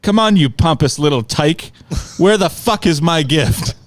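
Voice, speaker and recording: A man's voice: fairly high pitch, lively intonation, unhurried, no room sound. A man voicing his pompous uncle from London, in a haughty mock-formal put-on London accent. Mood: indignant. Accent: London English, put on. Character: pompous posh older Englishman, uncle.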